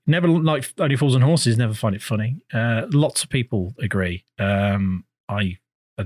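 A man's voice: lowish voice, breathy edge, dry recording. A man streaming, chatting casually with friends, swearing and laughing easily. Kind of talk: casual chat.

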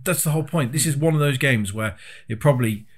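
A man with a middling voice rambles through a story about an old game. He swears freely and sounds exasperated, in relaxed, unscripted chat. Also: mid-range voice, quick pace, breathy edge. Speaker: podcast co-host. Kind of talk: casual chat about retro video games.

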